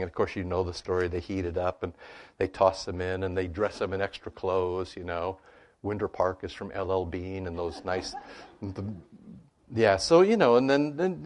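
A man answering questions about scripture in a conversational teaching style, animated and full of "you know" and "right?" asides. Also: deep voice.

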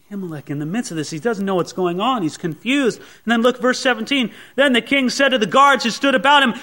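A man preaching a sermon, teaching through a Bible passage in an animated way and acting out the characters' lines. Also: high voice, fairly quick. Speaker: pastor.

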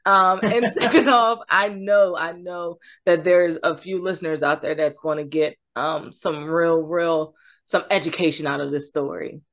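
Host, woman: encouraging questioner, lower-pitched voice. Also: steady tone, a little slow, a bit bright. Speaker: podcast host. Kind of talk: casual interview.

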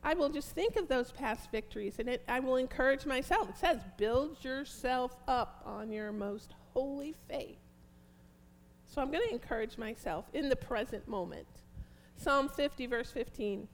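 A woman preaching a fervent, prayerful sermon, reading scripture slowly and emphatically. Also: high voice.

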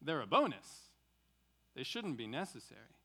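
A man's voice: medium pitch, big pitch swings, moderate pace, sharp tone. A male pastor preaching an expository sermon, asking rhetorical questions and repeating key words for emphasis.

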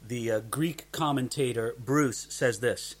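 A man's voice: mid-range voice, a little slow. A man teaching a Bible passage verse by verse, earnest, often repeating words as he starts a sentence.

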